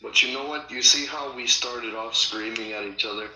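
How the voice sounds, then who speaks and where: A man pushes back in a casual online debate, skeptical and argumentative with stumbling fillers. His voice comes through very bright, and the sound is roomy. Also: mid-range voice, normal speed. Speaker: participant in an online audio room.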